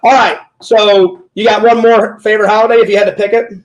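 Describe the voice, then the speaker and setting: A man's voice: high-pitched, level tone, brisk. A talkative man interviewing a fellow streamer in casual chat, rambling through stories with many "like"s and "he goes"s.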